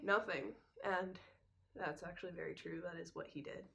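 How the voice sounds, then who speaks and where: A young woman chatting casually as she tells a personal story, lively and acting out the dialogue. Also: on the low side, normal speed, vocal fry, a little hiss or hum. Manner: lively retelling that acts out the dialogue. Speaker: vlogger telling a personal story.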